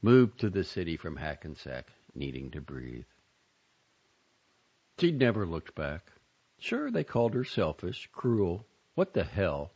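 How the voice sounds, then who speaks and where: A man reading short fiction and poetry aloud with an expressive, dramatic delivery, in a dull lo-fi recording. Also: sits low, unhurried, husky. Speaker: reader.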